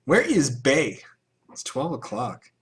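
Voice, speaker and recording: A man's voice: mid-range voice, sing-song, slow. Profane, laughing man. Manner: profane, rambling, laughs often. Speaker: livestreamer answering chat questions. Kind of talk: casual livestream Q&A chat.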